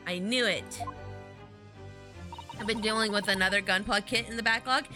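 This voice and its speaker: A woman's voice: medium pitch, unhurried, long pauses. A woman streaming a game, chatting in a bubbly, giggly, apologetic way. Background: music.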